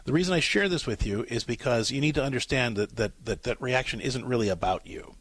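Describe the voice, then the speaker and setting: A middle-aged man hosting a call-in advice show, coaching a caller in a calm, repetitive way. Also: mid-range voice, fairly quick, slightly rough. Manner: calm, coaching, repeats key points. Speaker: radio advice host.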